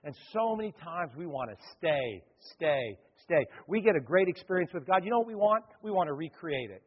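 Husky high-voiced guy preaching, echoey church hall, kinda muffled lo-fi. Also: normal speed. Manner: animated, acts out crowd voices. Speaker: pastor. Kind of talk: sermon with storytelling. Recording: dull lo-fi hall recording.

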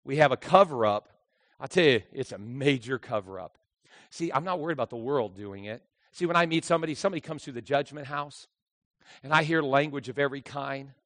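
A man preaching a sermon with passion, swinging from loud outbursts to hushed asides. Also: mid-range voice, brisk, dry recording. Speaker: pastor. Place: church.

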